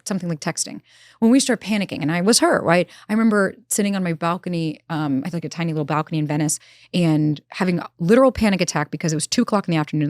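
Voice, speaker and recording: Low-voiced woman rattling off stories fast, casual swearing, dry close sound. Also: darkish tone, no room sound. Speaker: relationship expert guest. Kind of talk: candid conversational interview. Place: Los Angeles.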